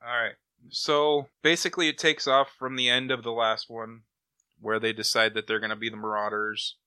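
A man's voice: mid-range voice, flat delivery, normal speed, pushed and bright, clean tone, dry recording. A man hosting a comic book podcast, casually retelling plots in a rambling, enthusiastic way. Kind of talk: casual chat, recapping comics.

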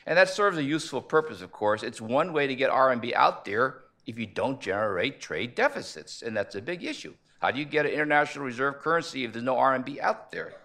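A man's voice: medium pitch, sing-song, sharp tone. Man giving an analytical conference talk. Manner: measured, analytical, rhetorical questions. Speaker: panel speaker on economics. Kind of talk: conference presentation.

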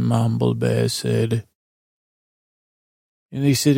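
A man's voice: medium pitch, flat delivery, slow, gravelly, long pauses, warm tone, no echo, studio quality. A man telling an improvised bedtime story to children, meandering along with restarts. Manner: meandering, with many fillers and restarts.

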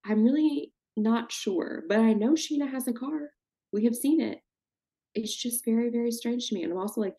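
A woman's voice: a little high, moderate pace. A woman co-hosting a podcast, recapping a reality show in casual, profane chat and putting on the voices of the people she describes. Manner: animated, profane, mimics people she talks about. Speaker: podcast co-host.

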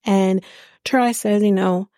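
A woman hosts a podcast recapping a reality show, casual, sarcastic and blunt, with plenty of swearing. Her medium-pitched voice has a dark tone, fairly even intonation and a measured pace, with clean, echo-free studio sound.

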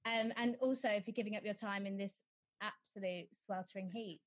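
A woman's voice: mid-range voice, steady tone, moderate pace. Gushing young woman host. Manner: enthusiastic, gushing, filler-heavy. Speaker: host, interviewer. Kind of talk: casual interview chat.

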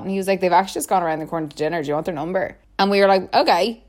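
A woman's voice: fairly low pitch, fast, hardly any pauses, darkish tone. A young woman, casually telling a long story and often saying "like" and laughing. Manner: chatty, full of "like", laughs often. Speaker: podcast co-host telling stories.

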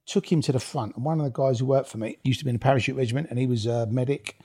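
A man's voice: mid-range voice, steady tone, rapid-fire, a little mellow, breathy edge. A man, telling blunt, swear-filled stories as an interview guest, laughing as he goes. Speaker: guest, former rave promoter. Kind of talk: casual storytelling interview.

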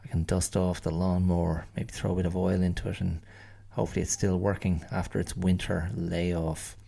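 Irish guy, middle-aged, low voice with lots of fry, wry and rambly, keeps restarting his sentences. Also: level tone, moderate pace, dark tone. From Ireland. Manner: rambling, wry, digressive, stops to restart phrases. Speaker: podcast host. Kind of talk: solo podcast musing.

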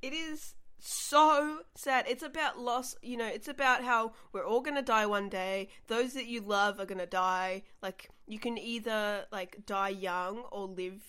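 A young woman, a comedian guest, chatting casually on a podcast, animated and laughing often. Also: medium pitch, normal speed, few pauses, clear, resonant tone.

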